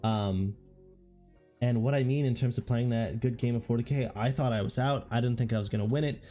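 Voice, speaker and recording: Hoarse man in a relaxed recap. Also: mid-range voice, fairly quick, soft background music. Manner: casual, rambling, with frequent restarts. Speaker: tabletop wargame content creator.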